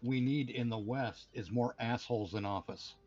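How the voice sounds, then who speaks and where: A man's voice: mid-range voice, normal speed, a little mellow, no room sound, faint music behind. Man, blunt ranting chat, swears a lot, dry room, muffled mic. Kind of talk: casual group chat.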